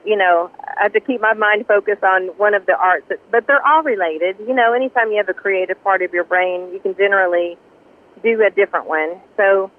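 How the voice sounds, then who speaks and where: A woman's voice: mid-range voice, brisk. A woman with a Southern US accent, a country singer telling stories in a casual interview, laughing often. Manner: lively storyteller, laughs often. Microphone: phone. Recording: tinny phone line.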